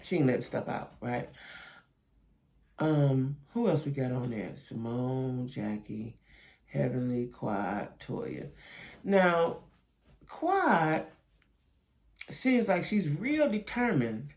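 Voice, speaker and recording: A man's voice: medium pitch, sing-song, slow, long pauses, darkish tone. Chatty opinionated man reviewing a show. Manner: chatty, opinionated, keeps asking "right?" and "you know what I'm saying?"; talks straight to viewers as "y'all". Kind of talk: casual video commentary.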